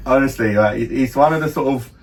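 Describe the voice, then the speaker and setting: Rambling middle-aged dad. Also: male voice, medium pitch, fast. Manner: rambling storyteller, many restarts and laughs. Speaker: podcast co-host, father. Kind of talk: casual chat. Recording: slightly distant mic, faint room noise.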